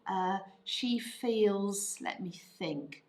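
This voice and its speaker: A woman's voice: mid-range voice, drawn-out words, roomy sound. A middle-aged woman teaching a writing lesson, thinking aloud as she writes and acting out quoted phrases. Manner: lively, voices quoted parents' phrases.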